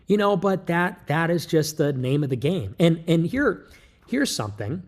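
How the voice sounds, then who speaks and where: A man giving a rambling livestream monologue, breaking off mid-thought and starting again with quick asides. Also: on the high side, big pitch swings. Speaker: political streamer.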